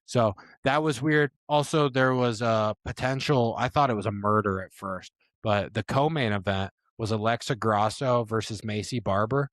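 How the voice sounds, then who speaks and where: A man's voice: on the low side, normal speed, no room sound. Casual young male sports podcaster, dry mic. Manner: animated storytelling with swearing and laughter. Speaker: podcast co-host.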